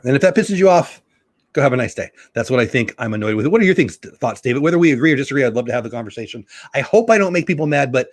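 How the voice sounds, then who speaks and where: A man's voice: medium pitch, no echo. A middle-aged man hosting a casual live stream from home, rambling and opinionated as he chats with viewers. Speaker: livestream host.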